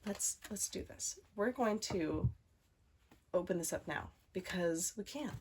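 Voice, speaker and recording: A woman's voice: on the low side, animated, a little slow, darkish tone, breathy edge. A woman hosting a knitting podcast, chatting casually and showing off yarn, with lots of fillers and asides. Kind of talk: casual show-and-tell chat.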